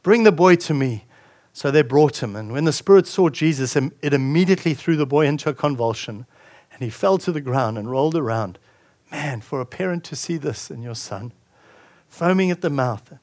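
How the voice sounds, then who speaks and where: A man's voice: mid-range voice, lively intonation, a little fast, darkish tone. A male pastor preaching a sermon, reading scripture aloud and commenting on it with frequent restarts.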